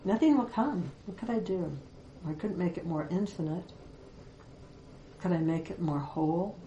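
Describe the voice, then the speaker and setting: Woman spiritual teacher, low and mellow, reflective and pausing, recorded in a roomy space with faint background noise. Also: highs cut off. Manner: reflective, with many pauses and fillers. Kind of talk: Vedanta teaching talk.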